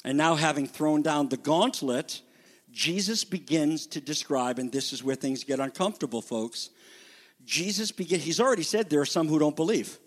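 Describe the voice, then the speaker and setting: A man preaching a sermon as pastor, moving from quiet, low scripture reading to loud, high emphatic declarations. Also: normal speed. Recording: long reverb of a hall.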